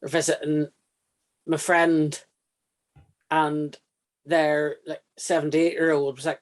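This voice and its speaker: A man, a guest on a film podcast, telling a story in a relaxed, casual way. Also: on the high side, moderate pace. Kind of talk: casual chat.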